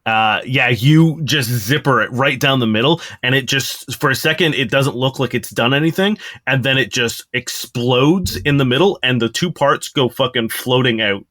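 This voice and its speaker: A man's voice: medium pitch, moderate pace, hardly any pauses, a bit bright, no echo. A man narrating a tabletop game as game master, loose and profane, often laughing.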